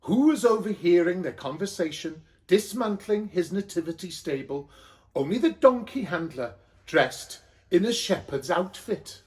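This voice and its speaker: A Welsh man reads a cheeky comic story aloud. His voice sits fairly high for a man. He delivers it with a playful, mischievous manner. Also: lively intonation, unhurried. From Wales.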